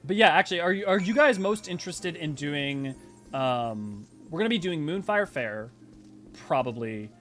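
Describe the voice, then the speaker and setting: A man's voice: on the high side, animated, normal speed, fairly bright tone, faint music behind. A man hosting a stream, chatting casually and rambling with frequent restarts. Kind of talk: casual chat.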